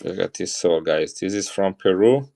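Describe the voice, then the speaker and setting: Chatty Italian-accented man, very deep voice. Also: normal speed, mellow, a little hiss or hum. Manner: chatty, greets viewers, shows off coins. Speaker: coin seller on a live stream. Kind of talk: casual live-stream sales talk.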